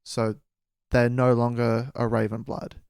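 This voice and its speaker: A man's voice: medium pitch, flat delivery, unhurried, darkish tone, clean tone, no room sound, studio quality. A man co-hosting a casual book podcast, rambling and joking with lots of fillers, with a slight head cold. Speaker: podcast co-host.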